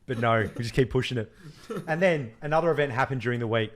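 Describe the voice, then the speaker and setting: A man's voice: mid-range voice, quick pace, crowd noise. Laughing, joking male podcast co-host. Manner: laughs often, animated joking storyteller. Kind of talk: casual chat.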